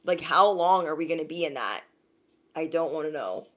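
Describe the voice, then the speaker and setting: With a low voice and moderate pace, the young intuitive reader chats on her livestream. She keeps things animated, laughing often and thanking viewers by name.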